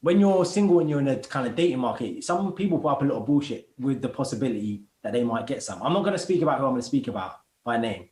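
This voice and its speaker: A man talks casually on a podcast, full of street slang. He tells stories with energy and slips into other people's voices. His voice sits at a middle pitch and carries a roomy echo. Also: quick pace, few pauses. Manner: animated storyteller, acts out other people's voices. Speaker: podcast guest, DJ and presenter.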